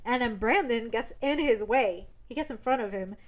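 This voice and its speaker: A woman's voice: on the high side, moderate pace. A woman co-hosting a podcast, casually retelling book scenes with quoted dialogue, swearing freely and laughing often. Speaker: podcast co-host. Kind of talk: casual chat recapping a book.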